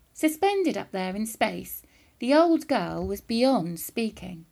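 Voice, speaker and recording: A woman reads a children's book aloud with an expressive, storyteller's delivery. Her pitch rises and falls in animated swings. She brings energy to the action scenes. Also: slow, vocal fry.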